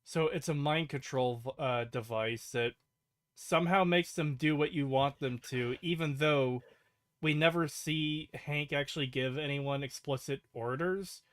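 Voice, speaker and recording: A man's voice: fairly high pitch, measured pace, a bit bright, dry recording. A man hosting a casual podcast, blunt and profane as he rants about what annoys him. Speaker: podcast host. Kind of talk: casual chat.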